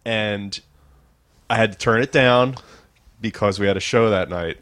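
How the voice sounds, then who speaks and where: A man's voice: unhurried, no echo, clean studio sound. A man talking as a podcast guest, easygoing and reflective in casual chat. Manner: easygoing, reflective, lively pitch.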